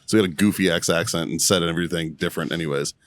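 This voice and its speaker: A man's voice: deep voice, very fast. A young man, a podcast co-host, telling a rambling story in casual chat, swearing and laughing often.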